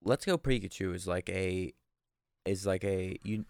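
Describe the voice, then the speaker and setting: A man's voice: sits low, unhurried, no echo, studio quality. A young man telling rambling stories in a casual podcast chat, swearing freely. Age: young adult. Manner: rambling, animated storyteller who swears freely.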